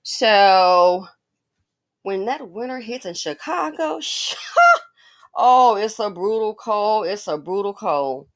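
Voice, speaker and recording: This commentary channel host has a medium pitch and a slow pace. She delivers a casual, animated monologue directly to her viewers, peppered with exclamations and meandering digressions.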